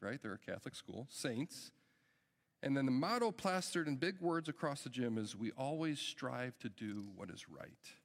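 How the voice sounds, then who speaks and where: Earnest man preaching in a reverberant hall. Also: medium pitch. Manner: earnest, emphatic preaching with rising urgency. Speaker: pastor. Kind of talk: sermon.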